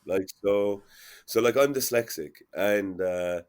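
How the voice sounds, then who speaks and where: A man with a very low, deep voice, talking in a loose, meandering way. He tells his story casually, packed with "like" and half-started sentences. A relaxed interview guest in his thirties. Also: takes it slowly, clean tone. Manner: rambling, filler-heavy, frequent "like". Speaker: guest, fibrous plasterer.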